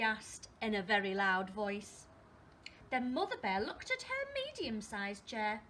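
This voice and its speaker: A woman teacher reading a storybook to young children, expressive and asking them questions as she goes. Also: on the high side, a little slow, a little hiss or hum. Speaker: primary school teacher.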